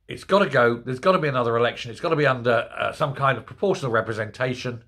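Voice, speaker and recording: A man's voice: medium pitch, bright, forceful tone, breathy edge. A man delivering an indignant, sarcastic political commentary monologue. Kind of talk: ranting monologue.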